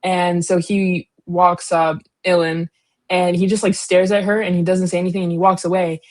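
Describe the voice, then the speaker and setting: A woman with a somewhat low voice chats through a book recap in a loose, rambling way. She leans on fillers and slang, often breaks into giggles, and loses her train of thought along the way. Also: little pitch movement, normal speed, a little mellow. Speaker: co-host, daughter. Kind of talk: casual book discussion.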